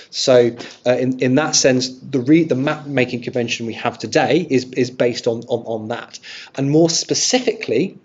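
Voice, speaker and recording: Husky man giving a friendly history talk. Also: mid-range voice, a little mellow. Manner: friendly, thinks aloud with restarts. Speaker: archive presenter giving a talk. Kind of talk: illustrated lecture with audience questions. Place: room with a live audience. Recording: dull lo-fi sound.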